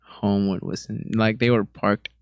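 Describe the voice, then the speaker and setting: A man's voice: on the low side, flat delivery, moderate pace, smooth, dry recording. A young man, a podcast guest, telling rambling, slangy stories in a laid-back way. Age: young adult. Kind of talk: casual storytelling.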